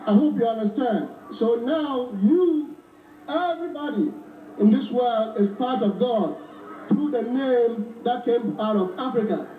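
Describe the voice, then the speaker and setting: A high-pitched man with a Ghanaian accent speaks slowly and deliberately, preaching to a rally crowd and drawing responses from them. He is heard from far off, with a roomy echo, on a tinny, phone-like recording with faint background noise. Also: animated. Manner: slow, preaching, repeats phrases and leads the crowd. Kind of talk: rally speech with call and response. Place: outdoor rally.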